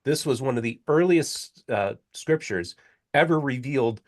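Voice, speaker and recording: Male host, middle pitch, casual, gives scholarly context between a guest's readings. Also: animated, moderate pace. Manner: adds scholarly context with frequent fillers and restarts. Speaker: interviewer, show host. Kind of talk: casual conversational commentary.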